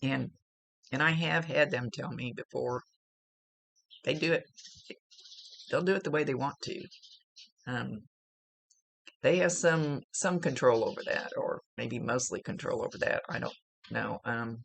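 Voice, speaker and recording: A woman's voice: a bass voice, unhurried, gravelly, pauses often, dry recording. A woman working as a psychic medium, talking through a spiritual reading in a rambling, casual way, often searching for words.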